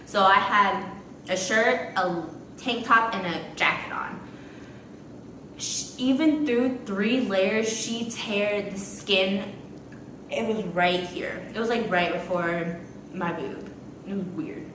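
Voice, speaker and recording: A young adult woman telling a casual storytime to the camera, chatty and animated with lots of fillers. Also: medium pitch, takes it slowly, recorded from a distance, a little hiss or hum. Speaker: vlogger. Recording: echoey room from off-mic.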